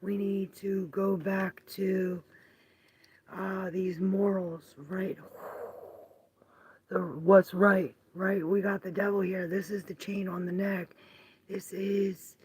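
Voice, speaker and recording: Woman tarot reader, live stream, slow musing delivery with whispered asides, noisy home audio. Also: mid-range voice, level tone. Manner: musing, drifts into soft half-whispered asides.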